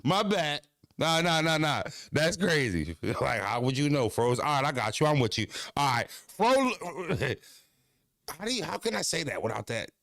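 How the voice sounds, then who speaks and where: Chill guy reacting to clips, gravelly voice, dry close sound. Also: on the high side, expressive, moderate pace, fairly bright tone, no room sound. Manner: laid-back, swears freely, often laughs. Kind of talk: casual reaction chat.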